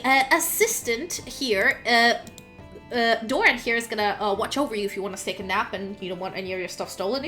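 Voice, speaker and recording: A woman playing a bright, busy trader. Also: a little high. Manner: hesitant, full of fillers.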